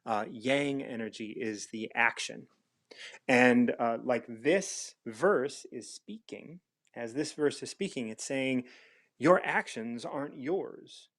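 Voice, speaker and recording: A man's voice: medium pitch, slow pace, fairly bright tone. Reflective man hosting a spiritual chat. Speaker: recovery mentor and host. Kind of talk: casual spiritual discussion.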